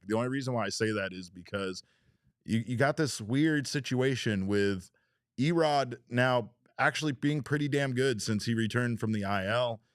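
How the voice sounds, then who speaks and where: A man's voice: fairly low pitch, no room sound, studio quality. A man hosting a sports podcast in a casual chat style, talking freely, reading out viewer comments and swearing lightly. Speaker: podcast host.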